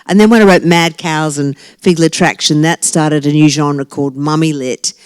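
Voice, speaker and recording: A woman's voice: sits low, fairly even intonation, normal speed, clear, resonant tone, dry recording. Laughing, brash woman in her sixties. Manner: brash, self-mocking, laughs often. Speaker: author. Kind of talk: lively talk to a live audience. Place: library talk event.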